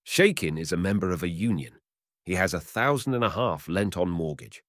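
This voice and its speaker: Brief: male narrator playing a smug, penny-pinching older man in a storybook; brisk, dismissive, very low voice. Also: lively intonation, a bit bright, no echo, clean studio sound. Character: older man, smug miserly customer, blunt.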